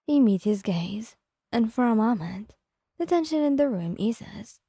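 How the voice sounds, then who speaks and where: A woman reads a second-person ASMR story in a calm, even way. Her voice is mellow and warm rather than bright, and it sounds dry and close, with no room around it. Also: mid-range voice, unhurried, husky, dry recording. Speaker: narrator.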